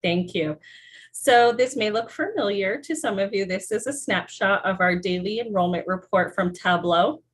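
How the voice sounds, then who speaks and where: Brisk woman giving a formal presentation. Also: mid-range voice, slightly rough, poor audio. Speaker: college vice president.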